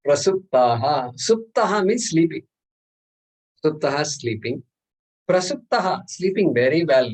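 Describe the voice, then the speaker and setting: A man's voice: on the high side, animated, a little slow, poor audio. A man, teaching a scripture class and explaining terms patiently, repeating words and chuckling often. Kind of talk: class lecture.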